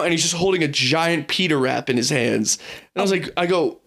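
Higher-voiced man telling a rowdy story. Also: normal speed. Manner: animated storyteller who swears freely. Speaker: podcast host. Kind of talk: casual chat.

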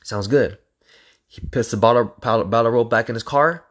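A young man telling a casual, profane story, acting out the sounds with lively energy. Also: medium pitch, fast. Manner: animated, profane, acts out sounds.

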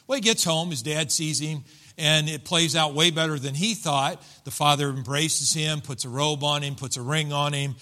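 Bright-voiced male preacher. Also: on the high side, normal speed. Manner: animated storytelling, acting out quoted voices. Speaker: pastor. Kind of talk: sermon.

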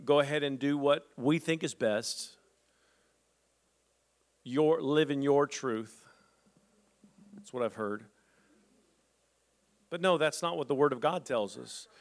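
A pastor with a mid-range voice preaches a sermon, reading scripture aloud and adding lively, humorous asides to the congregation.

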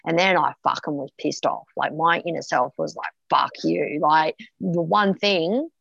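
A woman speaks frankly about her own life in a slightly low, gravelly voice. The sound is dry and a little dull, as if lo-fi. She swears easily and circles back with fillers and restarts. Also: normal speed, a bit bright, no echo. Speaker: podcast guest. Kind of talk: candid personal storytelling.

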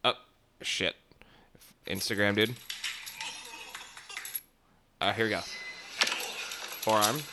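Slow and fairly even in intonation, this fairly low male voice leaves long pauses against a noisy background. He's a solo podcast host talking casually through a swollen split lip, rambling with plenty of fillers and crude humor.

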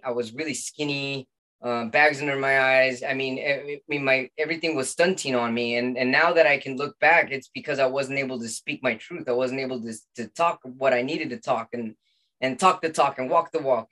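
A middle-aged man appears as a podcast guest, earnestly and heartfeltly sharing his personal story. His mid-range voice has a sharp tone, and he often restarts his phrases.

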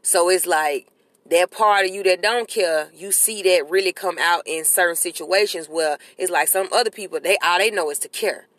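A podcast host in casual chat. The voice is close and dry, with no room sound. The delivery is animated and preachy, and the speaker keeps dropping in short affirmations. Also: medium pitch, moderate pace, no echo.

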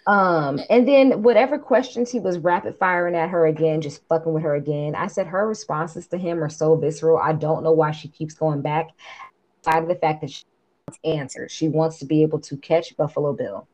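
A woman's voice: sits low, a little fast, a little mellow. A woman co-hosting a movie podcast, talking in loose, easy chat. She is blunt and swears freely, and she slips into playful mimicry as she retells scenes. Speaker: podcast co-host reviewing a film. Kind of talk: casual chat.

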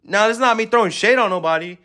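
A man's voice: high-pitched, fast, pushed and bright. A man hosting a podcast, giving an aggressive, swear-filled motivational rant at the listener. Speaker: podcast host.

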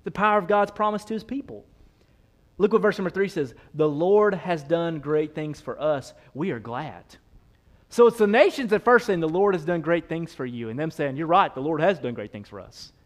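A man preaching a sermon, swinging between loud, punchy asides to the congregation and soft, slow scripture quotes. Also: a little high, lively intonation. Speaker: pastor.

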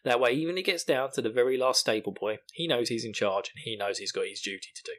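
A man voicing a stern soldier who speaks firmly and in measured words. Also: mid-range voice, fairly bright tone, lightly acted.

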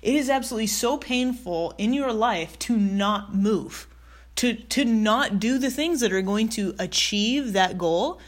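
A woman's voice: a little high, animated, measured pace. A woman delivers a motivational talk in a direct, conversational way. She presses her points with repeated rhetorical questions and loose, casual phrasing. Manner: emphatic, repetitive, direct address with rhetorical questions; casual with fillers and mild swearing. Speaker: motivational speaker.

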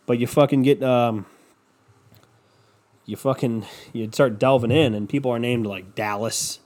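A young man riffing alone on his podcast, loose and profane, with sarcastic tangents that wander off and circle back. His voice sits at an ordinary, middle pitch. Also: fairly even intonation, measured pace, darkish tone. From Cleveland. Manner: scatterbrained, profane, sarcastic ranting. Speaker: podcast host. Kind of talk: rambling solo podcast monologue. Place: home room with windows open.

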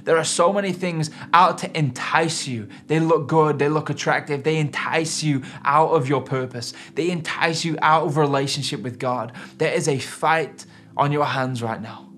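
Faint music plays under this sermon. The preacher, a man whose voice is on the high side and fairly bright, speaks at a moderate pace with earnest emphasis and intensity that ebbs and surges.

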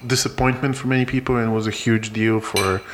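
Halting, word-searching male podcast co-host. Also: lowish voice, steady tone, background noise. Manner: halting, repeats words while searching for phrasing. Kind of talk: casual chat.

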